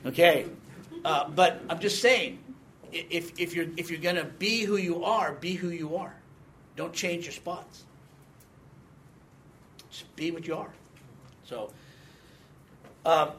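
A man's voice: fairly high pitch, a little slow, long pauses, a bit bright. A man in his sixties giving a conversational Bible teaching, quizzing the class and reading scripture with emphasis. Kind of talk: teaching sermon with audience questions.

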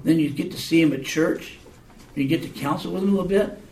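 A man's voice: fairly high pitch, fast talker, darkish tone. A man teaching a Bible class in a casual, conversational way, often checking in with his students through questions. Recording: echoey room, mic far off.

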